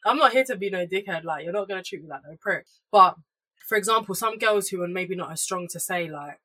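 Blunt young woman in her 20s, sharp bright voice, casual podcast chat. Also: on the low side, a little fast, slightly rough. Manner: blunt, opinionated.

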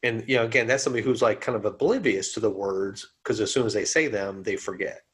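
Husky guy co-hosting a podcast, reflective, stacks up his points one after another. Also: on the low side, fast. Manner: reflective, talks in long, building lists. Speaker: podcast co-host. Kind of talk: casual chat.

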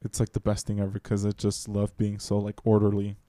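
Rambling young man, low dry voice. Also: monotone, a little fast, warm tone, no room sound. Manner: rambling, filler-heavy, apologetic, laughs often. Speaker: podcast co-host. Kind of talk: casual couple chat.

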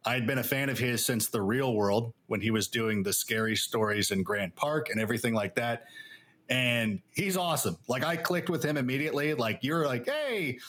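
A man being interviewed on a podcast, telling stories in a rambling, animated way with lots of fillers. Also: medium pitch, moderate pace. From Los Angeles area. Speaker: guest analyst. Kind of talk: casual interview chat.

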